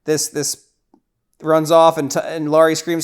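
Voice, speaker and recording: A man's voice: fairly high pitch, a little slow, clean tone. A man hosting a podcast, casually recapping a horror movie scene by scene, with lots of restarts and repeated words. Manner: grows loud and excited at gory scenes. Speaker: podcast host.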